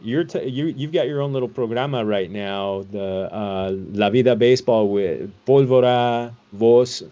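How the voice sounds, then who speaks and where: A man hosting a casual interview chat, reacting warmly and mixing in Spanish words. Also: medium pitch, unhurried, hardly any pauses, lo-fi sound. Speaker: podcast host.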